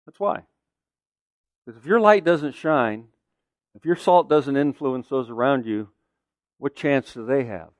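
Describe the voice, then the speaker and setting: A man's voice: medium pitch, unhurried, long pauses, no room sound. A middle-aged man preaching a sermon as pastor, earnest and conversational, asking the listeners pointed rhetorical questions.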